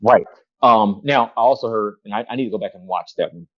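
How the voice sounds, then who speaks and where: Male co-host, low voice, rambling and relaxed, dry muffled mic. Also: fast talker, no room sound. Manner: relaxed, rambling with many ums. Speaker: podcast co-host. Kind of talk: casual chat. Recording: dry, dull lo-fi sound.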